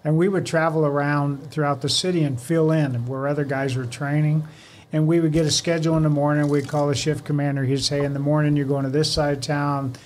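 Animated storytelling male fire captain. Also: a little high, a little fast, slight background noise. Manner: animated storyteller who acts out quoted dialogue. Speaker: podcast co-host, former fire captain. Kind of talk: casual chat, storytelling.

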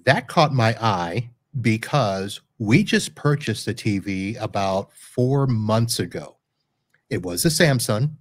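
Taking it slowly but animated, a man whose voice sits on the low side hosts a live podcast in a dry recording. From his home studio in Florida, he has a casual interview chat with a guest, chatty and joking as he self-corrects.

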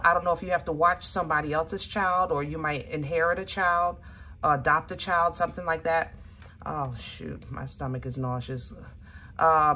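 A woman's voice: deep voice, sharp tone, a little hiss or hum. A woman giving a casual, chatty tarot reading to her viewers, emphatic and often searching aloud for the right word. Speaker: tarot reader.

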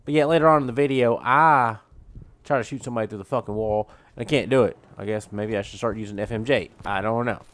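A man's voice: mid-range voice, fast talker, a bit bright. A male gaming channel host giving a profane, ranting, exasperated gameplay commentary.

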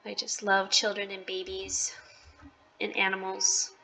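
A woman hosting a story-game playthrough with casual commentary. She is emotional and giggly and sometimes drops to a soft near-whisper. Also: medium pitch, monotone, measured pace, vocal fry, rough recording. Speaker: gaming video host. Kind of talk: casual let's-play commentary.

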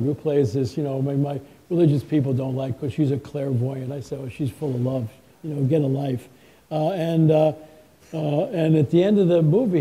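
Dark-voiced man telling stories on stage. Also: fairly high pitch, breathy edge, poor audio. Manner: folksy anecdotes, lively retelling with quotes. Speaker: guest author. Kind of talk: live stage conversation, storytelling.

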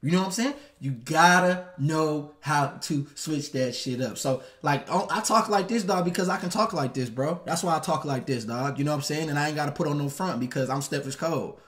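A man's voice: fairly high pitch, brisk, hardly any pauses. A man hosting a live stream, talking casually in African American Vernacular English, slangy and repetitive. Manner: slangy, animated, repeats himself. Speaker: host.

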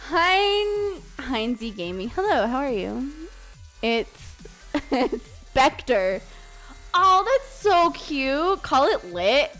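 Giggly woman streamer, high voice, swears a lot, slow drawl, faint music behind. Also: big pitch swings, a bit bright. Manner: giggly, swears freely, talks to chat. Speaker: live streamer. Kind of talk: casual live-stream chat while gaming.

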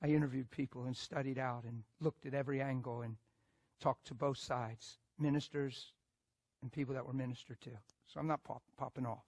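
A male preacher telling a story in a sermon, animated and emphatic, moving between loud bursts and hushed asides. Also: medium pitch, brisk, no room sound.

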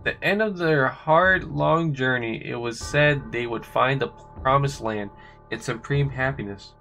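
A man voicing a cold, proud male swordsman villain from a video game, reading his lines slowly and deliberately. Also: medium pitch, creaky, sharp tone, faint music behind.

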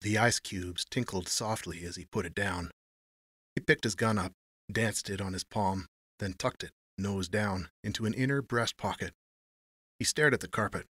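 A man narrating a noir story in a measured storytelling manner. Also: on the low side, fairly bright tone, breathy edge, dry recording.

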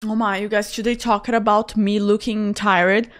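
A woman's voice: medium pitch, level tone, normal speed. A woman chatting casually with her viewers while she draws, laughing often and repeating words for emphasis. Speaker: art streamer. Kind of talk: casual chat while drawing.

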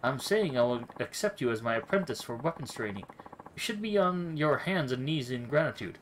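A man's voice: mid-range voice, expressive, a little fast, slight background noise, lightly acted, low-quality recording. A man voicing a pompous male nobleman in his thirties who speaks with haughty, florid insults.

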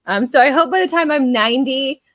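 A woman's voice: high voice, a little fast, no echo. A woman co-hosting a podcast in casual chat. She swears freely, laughs often and acts out quotes from shows. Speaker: podcast co-host.

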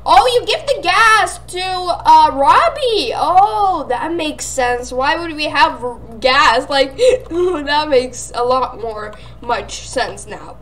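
A young woman giving excitable gameplay commentary, often squealing and laughing as she plays. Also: sits high, slow pace, few pauses. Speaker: gaming channel host.

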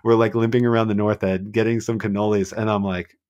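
A man's voice: fairly low pitch, a little fast, highs cut off. Chatty man telling race stories. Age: adult with a child. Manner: animated storyteller, acts out quotes, many fillers. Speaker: guest marathon runner. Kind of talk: casual podcast chat.

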